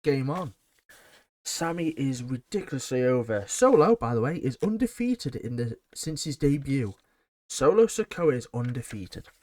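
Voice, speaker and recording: A man's voice: medium pitch, darkish tone, no echo, clean studio sound. A man giving a blunt, sarcastic and rambling casual recap of a wrestling show.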